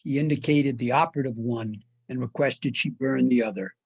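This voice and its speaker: An older man giving a measured, deliberate history lecture, with frequent "uh" fillers. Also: mid-range voice, creaky, darkish tone, husky, dry recording, low-quality recording. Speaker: guest lecturer. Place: online talk.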